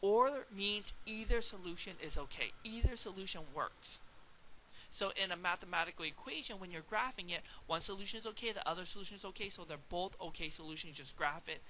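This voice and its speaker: A man's voice: high voice, brisk. A young man teaching math in a casual, joking lecture, asking viewers questions as he goes. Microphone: webcam microphone. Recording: dull lo-fi home webcam recording with faint hiss.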